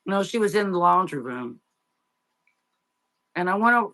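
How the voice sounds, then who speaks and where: A middle-aged woman, an interview guest, telling her life story in a halting, tearful way with many fillers and restarts. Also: fairly low pitch, lively intonation, a bit bright. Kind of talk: emotional personal storytelling.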